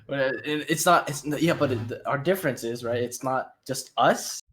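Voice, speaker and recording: A man's voice: mid-range voice, moderate pace, a bit bright, a little hiss or hum. A man co-hosting a casual podcast, rambling and laid-back, swearing freely among friends. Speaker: podcast co-host.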